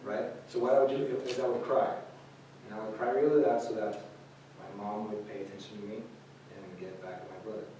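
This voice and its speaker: A fairly low, dark, level-toned man speaks fairly quickly in a casual sermon for a group. As a youth speaker he leans on fillers and restarts; the echoey room is recorded from a distance, with a little hiss or hum.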